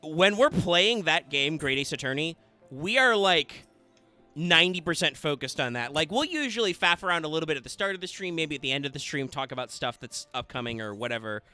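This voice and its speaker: A man's voice: a little high, animated, fairly quick, pushed and bright, clear, resonant tone, soft background music. A man hosting a game stream, chatting casually with rambling, filler-filled explanations. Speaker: streamer host.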